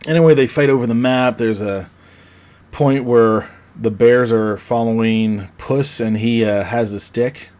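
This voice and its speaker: A man's voice: medium pitch, steady tone, a little slow, a little mellow, smooth. A man hosting a podcast, casually recapping a movie in a rambling way, with fillers and self-corrections. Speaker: podcast host.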